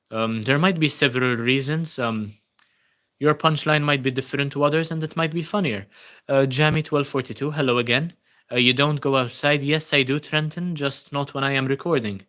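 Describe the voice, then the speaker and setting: A man hosts a casual livestream, reading viewers' comments aloud and responding with plenty of ums. His voice is medium in pitch with a sharp tone.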